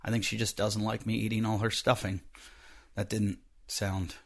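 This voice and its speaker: Stuffy-nosed rambling comedian host. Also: male voice, lowish voice, little pitch movement, normal speed, creaky. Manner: rambling, joking, swings from loud to muttered asides. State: stuffy nose, a bit snotty. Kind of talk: casual podcast monologue.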